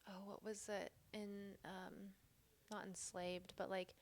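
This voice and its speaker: A woman co-hosting a podcast in a relaxed, chatty book discussion. Her speech is loose and full of "like" fillers, and she laughs easily. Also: medium pitch, slow pace. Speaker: podcast co-host.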